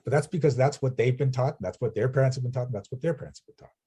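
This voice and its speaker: Warm, husky male business coach. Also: medium pitch, rapid-fire. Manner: storytelling, asks "right?" often. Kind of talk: coaching session.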